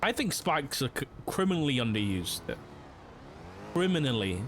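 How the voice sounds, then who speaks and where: A man's voice: medium pitch, very animated, normal speed, fairly bright tone, slight background noise. A young man streaming a police roleplay game, chatting casually and rambling with lots of fillers. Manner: rambling, filler-heavy, with frequent "like".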